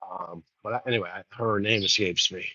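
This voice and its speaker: Chatty guy rambling on a live stream outside, bright voice, dry muffled sound. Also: lowish voice, fairly even intonation, a little fast, slightly rough, no room sound. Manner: digressive, chatty, folksy asides. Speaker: host. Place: outdoors overlooking rice fields.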